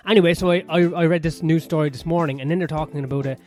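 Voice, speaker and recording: A man's voice: on the high side, fairly even intonation, rapid-fire. A man with an Irish accent hosting his own podcast, rambling through a crude, sardonic comedic monologue full of swearing. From Ireland. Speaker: podcast host. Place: sauna-area home in west London. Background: soft piano music.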